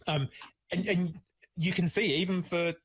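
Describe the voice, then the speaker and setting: A man's voice: high-pitched, steady tone, unhurried, husky. A man hosting a casual conversational interview, rambling with many restarts and filler words. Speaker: podcast host.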